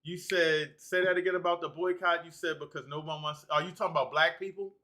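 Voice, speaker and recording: A man's voice: on the high side, steady tone, fairly quick, sharp tone. A man hosting a live panel discussion, talking in an emotional, emphatic way and often repeating himself. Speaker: livestream host.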